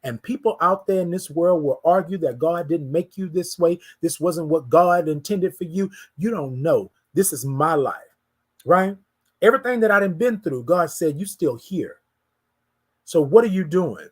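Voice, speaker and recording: A host delivering an inspirational morning talk in an emphatic, preacherly way. The speaker keeps repeating key phrases and addresses listeners directly in casual slang. The voice sits at a middle pitch. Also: lively intonation, moderate pace, breathy edge.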